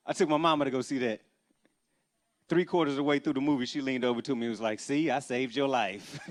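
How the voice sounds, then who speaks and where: A man, doing a stand-up comedy set on a church stage before a live audience, telling stories in an animated, punchy way with sudden loud bursts. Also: mid-range voice, fast.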